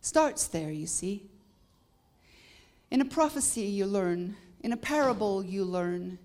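A Canadian-accented woman preaching a sermon, building to emphatic peaks and easing into playful asides. Her mid-pitched voice carries a gravelly fry. She speaks as a visiting preacher addressing a congregation. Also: animated, takes it slowly, darkish tone. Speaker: guest preacher.

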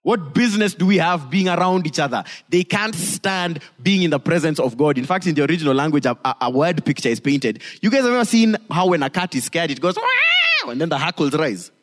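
A male pastor preaches in a lively, joking manner, slipping into little acted voices. His voice sits a touch high for a man. A long hall reverb trails after each phrase. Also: fast, hardly any pauses. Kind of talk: sermon.

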